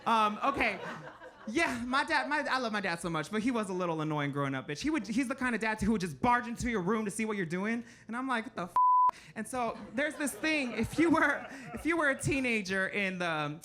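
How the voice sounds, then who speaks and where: Man, 30s, drag queen comic. Brassy, shouty bits, live club crowd behind. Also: high-pitched, lively intonation, brisk. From Latino family in the United States. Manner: brassy and loud, bursts into shouts, calls the crowd bitch. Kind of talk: stand-up comedy. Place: comedy club stage.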